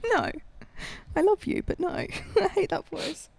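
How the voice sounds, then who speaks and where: A woman's voice: extremely high pitch, takes it slowly, creaky, no room sound. A woman co-hosting a podcast, teasing her co-host, swearing and laughing often. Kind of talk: casual teasing banter.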